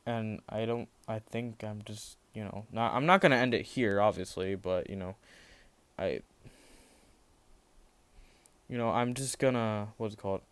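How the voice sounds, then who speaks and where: A man's voice: fairly low pitch, measured pace, pauses often, a bit bright, clean tone. A man casually narrating a fan-made story, rambling, with many fillers and restarts.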